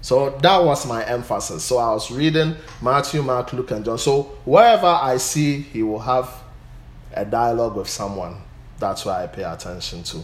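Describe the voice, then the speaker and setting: A pastor teaching a Bible study, often stopping to say "Amen". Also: male voice, mid-range voice, moderate pace, echoey room. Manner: punctuates points with "Amen".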